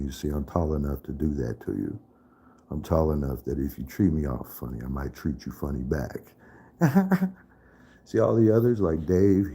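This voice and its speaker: A man's voice: a bass voice, mellow, breathy edge. A man in a casual live stream chat, profane and trash-talking, laughing often.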